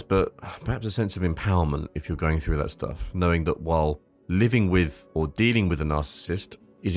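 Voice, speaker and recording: A low-voiced man hosts a solo advice podcast, reading from a script. He stumbles over repeated words and drops into casual asides, sometimes swearing.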